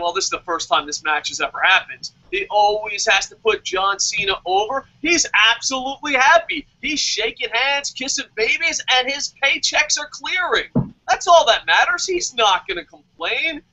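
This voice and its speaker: A man doing a shrill ranting superfan. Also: bright, forceful tone, heavily acted. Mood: sarcastic. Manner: ranting, sarcastic, heavy swearing. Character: loud sarcastic adult male wrestling superfan. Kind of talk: comedic rant in character. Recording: dull lo-fi audio.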